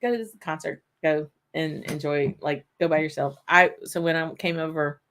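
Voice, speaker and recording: Lower-voiced woman telling stories in casual chat. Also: steady tone, moderate pace. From United States. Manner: chatty storyteller, acts out quoted people with bursts of loud voices. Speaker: co-host of a whisky live stream. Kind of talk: casual chat while tasting whisky.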